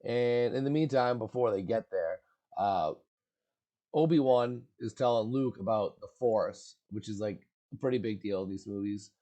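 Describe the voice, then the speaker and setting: A man's voice: lowish voice, moderate pace, mellow, highs cut off. A man giving a casual, slangy movie recap in a laid-back way, full of filler words.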